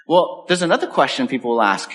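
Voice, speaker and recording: Animated male pastor in echoey hall. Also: mid-range voice, quick pace. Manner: animated, acts out quoted voices. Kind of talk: sermon. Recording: echoey hall with long reverb.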